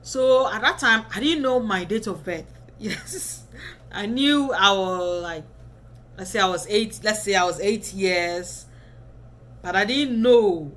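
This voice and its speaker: Bright, chatty woman vlogger. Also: mid-range voice, animated, slow pace, a little hiss or hum. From Ghana. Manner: chatty, keeps checking in with the viewer. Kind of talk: casual advice chat to camera.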